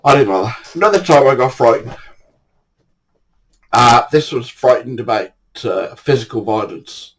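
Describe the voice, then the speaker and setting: A man's voice: mid-range voice, rough recording. An older man, casually telling anecdotes in a blunt way, swearing freely. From England. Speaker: storyteller.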